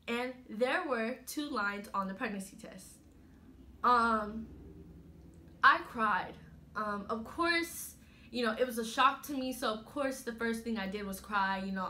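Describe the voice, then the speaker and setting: A woman's voice: fairly high pitch, sharp tone. A girl in her late teens telling her own story to camera in a chatty way, full of "you know" and fillers. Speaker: vlogger.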